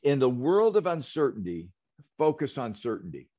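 A man's voice: medium pitch, very animated, moderate pace, highs cut off. A man speaking as an interview guest in an earnest, reflective way, telling stories over a video call. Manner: earnest, reflective, tells stories with quoted dialogue. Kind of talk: interview conversation.

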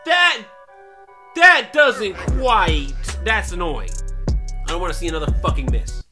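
Loud cursing male gamer. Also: high voice, sing-song, unhurried. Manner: loud, profane, yells at the game character. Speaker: gaming YouTuber. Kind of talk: game commentary. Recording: game audio and music behind.

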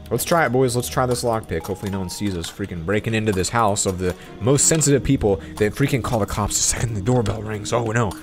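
Excitable young man narrating a game. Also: fairly low pitch, fast, few pauses. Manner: excitable, exasperated, rambling; drops to hushed, whispery mutters while sneaking. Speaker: gaming YouTuber. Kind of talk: casual let's-play commentary. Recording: game music playing underneath. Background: game music.

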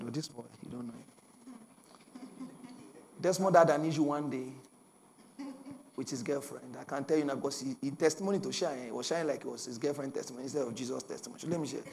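A young adult Nigerian man preaching a sermon as pastor, telling stories with bursts of shouting and laughter. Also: medium pitch, creaky, slight background noise.

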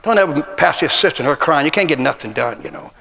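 A guest preacher in a church sanctuary gives a sermon packed with humorous personal stories, folksy in manner and acting out quotes. His voice is on the high side and a bit bright, fast with lively intonation and vocal fry, and a long church hall reverb surrounds it.

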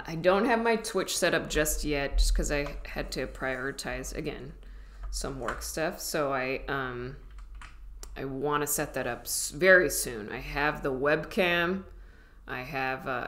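A woman's voice: low voice, a bit bright. A woman comedian in her thirties chatting casually to her viewers, rambling and self-mocking, with many restarts. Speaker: comedian vlogger. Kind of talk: casual rambling vlog chat.

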